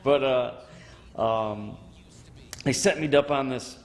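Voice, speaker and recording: A veteran from Michigan, in his forties, tells his story in an oral history interview, performing what people said and often dropping "you know." His mid-range voice takes things slowly, and a long reverb tail follows it.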